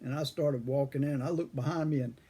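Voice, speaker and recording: An older man telling a folksy childhood story, husky with a frog in his throat, chuckling often. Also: medium pitch, steady tone, a little fast, dark tone. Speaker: pipe-smoking storyteller. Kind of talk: casual storytelling.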